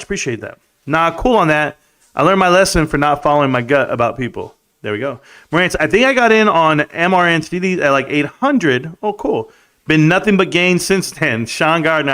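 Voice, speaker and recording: A man's voice: a little high, a bit bright. A man hosting a casual livestream from a room at home, reading out chat in a laid-back, chummy way and laughing often.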